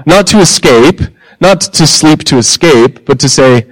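A male pastor delivers a conversational sermon, leaning on rhetorical questions and deliberate pauses. His voice sits at an ordinary middle pitch. The sound is close and dry, with no room echo. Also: expressive.

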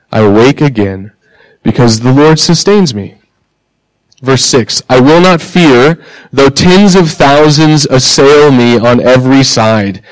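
A male pastor gives a sermon in a conversational style, relying on rhetorical questions and purposeful pauses. His pitch is an everyday middle range, and the recording is close and dry without any room echo.

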